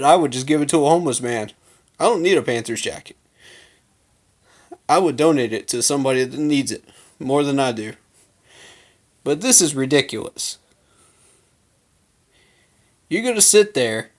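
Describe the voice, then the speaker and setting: A man hosting a fan channel, giving a heated, emphatic rant full of slang to his viewers. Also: mid-range voice. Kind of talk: casual fan rant to camera.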